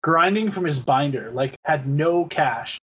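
A man in his thirties, from Canada, hosts a casual podcast chat with a slightly high voice. He rambles and stalls on fillers, dropping an occasional swear word. The audio is dull and lo-fi. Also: expressive, a little slow, husky. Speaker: podcast host.

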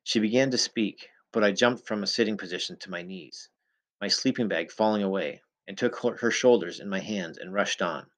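Low-voiced man reading a first-person story. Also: moderate pace, a bit bright. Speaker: audiobook narrator.

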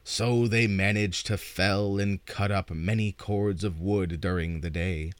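A man reading folk tales aloud as a storyteller, in a measured and expressive way. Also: low-pitched, clear, resonant tone, no room sound. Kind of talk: unhurried storytelling narration.

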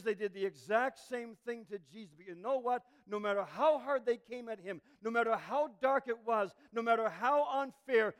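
A male pastor preaching a sermon with passion, building to emphatic peaks and dropping to a near hush. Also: very high-pitched.

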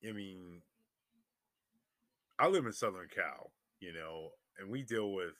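Young guy telling a spooky story, lowish voice that swings up and down a lot, swears a bunch, dry close sound. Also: slow pace, no echo. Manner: animated, swears freely, voice jumps up in excitement. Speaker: vlogger. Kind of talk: casual storytelling.

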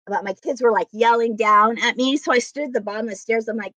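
A woman's voice: a little high, quick pace, dry recording. A middle-aged woman, a guest telling personal stories and acting out the dialogue in them. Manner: animated, acts out dialogue in her stories. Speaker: guest speaker. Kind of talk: personal storytelling interview. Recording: dull, dry sound.

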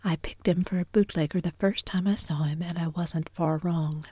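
A woman's voice: lowish voice, fairly even intonation, moderate pace, dark tone, slightly rough, no room sound. A woman whispering the part of a brash, domineering wealthy husband in a whispered role-play reading.

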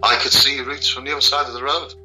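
A man with a Scouse accent talking earnestly as a guest, halting and repeating his words. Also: medium pitch, flat delivery, over music, poor audio. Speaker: guest, children's rights campaigner. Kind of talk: casual podcast interview.

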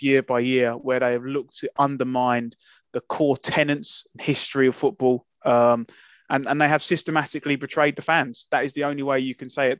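A man's voice: mid-range voice, dry recording. Guy ranting hard on a podcast, lots of ums and restarts, dull muffled sound. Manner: impassioned, emphatic, with many fillers and restarts. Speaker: podcast co-host. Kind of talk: casual podcast chat.

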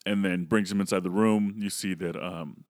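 A man with a low-pitched, steady voice casually recaps a film's plot on a podcast he co-hosts, speaking at normal speed. His retelling is loose and profane, and he acts out bits of dialogue. The sound is clean studio quality with no echo.

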